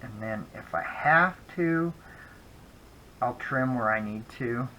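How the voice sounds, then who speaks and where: Man from Colorado, mid-pitched, hosts a casual crafting tutorial with chatty, meandering asides. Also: lively intonation, takes it slowly, sharp tone, a little hiss or hum, low-quality recording. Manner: chatty, rambling asides while working. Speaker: craft channel host.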